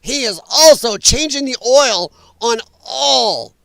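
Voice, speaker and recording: A man's voice: very high voice, animated, slow pace, gravelly, fairly bright tone, no room sound. A man hosting a political livestream, ranting bluntly and sarcastically with profanity and greeting viewers in chat by name. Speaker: political stream host. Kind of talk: livestream commentary.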